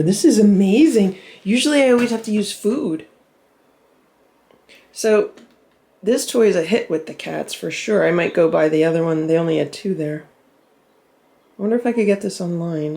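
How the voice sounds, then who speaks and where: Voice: brisk, vocal fry, dark tone. Chatty cat vlogger filming at home. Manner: chatty, laughs often, coos to the cat in a higher voice. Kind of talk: casual vlog commentary while filming. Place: indoors at home. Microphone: handheld camera held by the speaker.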